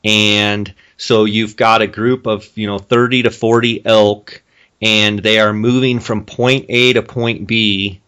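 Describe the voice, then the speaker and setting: A man's voice: fairly low pitch, slow pace, clean tone. A man hosting an outdoors podcast, chatting casually and recapping things for listeners. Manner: relaxed, conversational, recaps for listeners. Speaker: podcast host. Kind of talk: casual interview chat.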